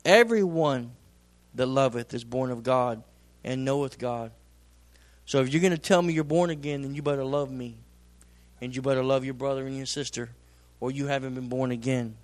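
A man preaching a sermon in a plain-spoken, folksy way, swinging from loud emphatic bursts to slow drawn-out phrases. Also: medium pitch. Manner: folksy, plain-spoken, tells personal stories. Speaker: pastor.

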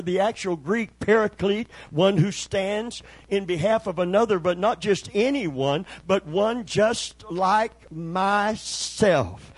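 A man pastor preaches, his voice a touch higher than most men's. He moves between folksy storytelling and fervent peaks, calling out for amens. The recording is dry and close, with no room echo. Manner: preaching with sudden swells in pitch and loudness; folksy storytelling with calls for amen. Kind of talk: sermon.

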